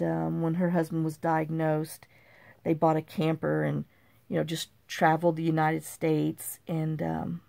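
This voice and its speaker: A woman with a low, gravelly voice tells rambling stories while she crafts. She repeats herself as she goes and is easily amused, like she's gossiping with a friend. The sound is dry and close, with no room echo. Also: darkish tone. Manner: rambling, repeats "I said" and "you know". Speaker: crafting channel host. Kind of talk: chatty storytelling while crafting.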